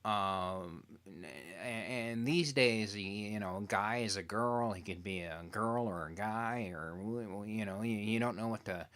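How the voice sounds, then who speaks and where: A man's voice: on the low side, measured pace, few pauses, a bit bright. A man from Toronto hosting an interview, rambling and joking with lots of stammered restarts. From Toronto, Canada. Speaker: interview host. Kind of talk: casual chat.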